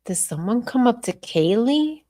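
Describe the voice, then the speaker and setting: A woman's voice: a little high, sing-song, a little slow, mellow. A woman hosting a podcast livestream, thinking aloud as she replays video footage and talks to her viewers and chat in a blunt, profane way. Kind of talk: casual livestream commentary.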